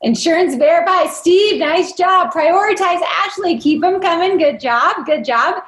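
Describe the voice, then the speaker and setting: Upbeat high-voiced woman leading a workshop. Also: lively intonation, unhurried, fairly bright tone, roomy sound. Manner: upbeat, coaxing, quizzes the audience. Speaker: dental practice trainer leading a live workshop. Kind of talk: interactive online training.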